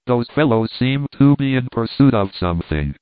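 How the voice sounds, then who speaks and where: A man voicing an excitable Scottish hunter who talks in an eager, urgent way, in a storybook reading. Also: medium pitch, moderate pace, clear, resonant tone, no room sound, lightly acted. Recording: tinny phone-like dry sound.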